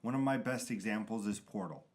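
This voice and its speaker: A man's voice: on the low side, fairly quick. A man co-hosting a casual gaming chat, rambling through examples and acting out little quotes as he explains. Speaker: podcast co-host.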